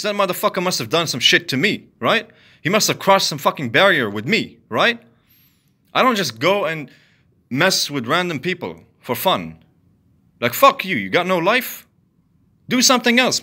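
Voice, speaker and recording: A man ranting angrily to the camera, profane and repetitive, swinging from loud outbursts to low muttering. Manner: heated, profane, repetitive venting. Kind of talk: angry solo rant to camera.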